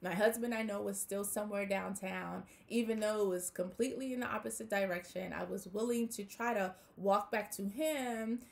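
A woman's voice: medium pitch, moderate pace, gravelly, few pauses. A young woman telling a personal story in a casual storytime vlog, acting out the people she talked to. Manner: animated retelling, acts out both sides with quoted voices. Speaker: vlogger.

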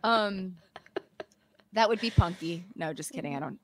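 A woman from Los Angeles, guest-hosting a podcast in casual chat, who tells stories in an animated way and acts out quotes. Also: on the low side, moderate pace, a little hiss or hum. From Los Angeles, California. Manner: animated storytelling, acting out quotes with laughter. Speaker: guest host.

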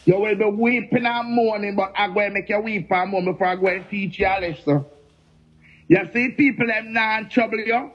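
A woman's voice: medium pitch, moderate pace, lo-fi sound. A Jamaican woman in an angry rant on a live stream, confrontational and taunting, repeating a name again and again. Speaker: social media personality.

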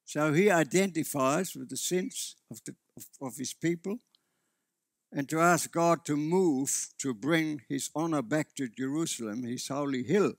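Male pastor, gravelly, earnest sermon delivery, restarts mid-sentence. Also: on the high side, measured pace, no echo, studio quality. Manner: earnest preaching with frequent restarts. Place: church.

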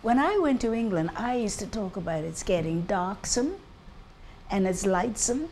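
A woman's voice: fairly high pitch, animated, normal speed, darkish tone, slight background noise. Older Bermudian woman, emphatic storyteller. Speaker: interviewee. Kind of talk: reflective documentary interview.

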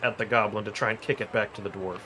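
A man's voice: lowish voice, fairly even intonation, fast, sharp tone, slight background noise. A man playing a tabletop game, wryly describing what his character does. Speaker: player. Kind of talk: casual tabletop game play.

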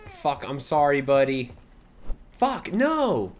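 A young man narrating his let's play in a relaxed, unhurried way. His pitch swings widely as he jumps from calm muttering to startled yelps and swearing. Between scares he coos softly at the game's baby. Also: a crowd in the background. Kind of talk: casual gameplay commentary.

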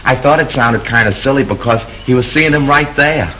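A man's voice: medium pitch, normal speed, sharp tone, slight background noise, close to an everyday voice, rough recording. An actor playing a chatty, slangy male hotel bellhop recounting a fight in a 1930s film. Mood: gossipy. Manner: slangy, gossipy storytelling. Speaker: night bellhop.

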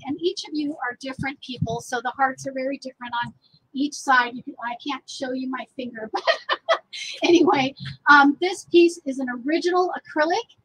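A woman's voice: sits high, normal speed, a bit bright, slight background noise, poor audio. A woman artist hosting a casual live stream outdoors, bubbly and laughing often. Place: outdoors, a little windy.

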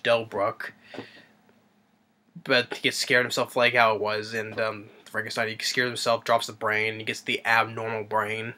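Recounting a film's story, this male reviewer rambles and hesitates, stumbling through many fillers and restarts. His voice is medium-pitched with a sharp tone.

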